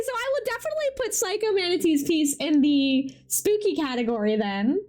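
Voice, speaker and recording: A woman's voice: sits high, sing-song, brisk, few pauses, a little mellow, faint music behind. A woman hosting a live stream, chatting casually and reacting animatedly to viewers' artwork. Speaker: livestream host showcasing community art.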